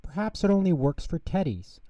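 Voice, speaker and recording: A man's voice: high voice, big pitch swings, moderate pace, warm tone, dry recording, distant mic, voice pushed up. A man voicing a kind, confident female teddy bear in a children's story. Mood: helpful.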